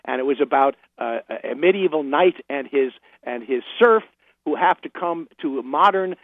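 A man's voice: a little high, lively intonation, moderate pace, vocal fry, no room sound. An older man chatting as a radio guest, telling stories with laughs and restarts. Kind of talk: casual anecdotal interview. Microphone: phone. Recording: phone line.

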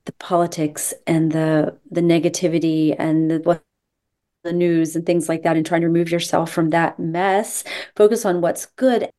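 A woman co-hosting a health radio show, speaking gently and haltingly with lots of filler ums while she introduces a question. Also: fairly low pitch.

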